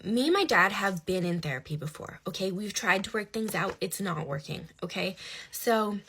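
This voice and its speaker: A young woman telling a personal story in casual conversation, animated, swinging between hushed asides and loud outbursts. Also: mid-range voice, moderate pace, a little hiss or hum.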